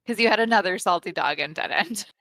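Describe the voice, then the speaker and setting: A woman's voice: medium pitch, animated, quick pace, fairly bright tone, no room sound. A woman player in a tabletop game, talking casually and playfully. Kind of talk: casual chat.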